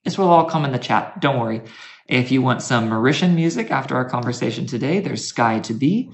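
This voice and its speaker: A man's voice: medium pitch, animated, echoey room. A man with an American accent, speaking as a guest lecturer in an easygoing, chatty way. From United States. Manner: easygoing, chatty, slow and thoughtful. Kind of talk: casual conversational talk.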